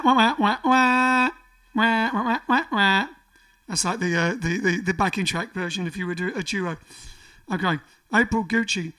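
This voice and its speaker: A man's voice: sits high, fairly bright tone, distant mic. A man hosting a casual livestream, reading out viewer comments in a jokey, rambling way. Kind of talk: casual chat. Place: home during lockdown.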